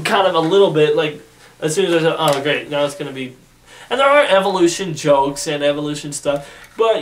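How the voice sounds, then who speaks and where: Rambling reviewer on a distant mic. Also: medium pitch. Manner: rambling, frequent restarts and "you know". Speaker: film reviewer. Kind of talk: casual spoken movie review. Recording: distant mic with faint hiss.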